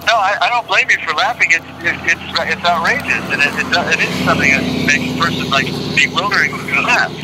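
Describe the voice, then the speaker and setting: An older man being interviewed, reading court transcript quotes aloud in a deliberate, indignant way and repeating lines for emphasis. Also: a little high, heavy background noise. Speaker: interview guest.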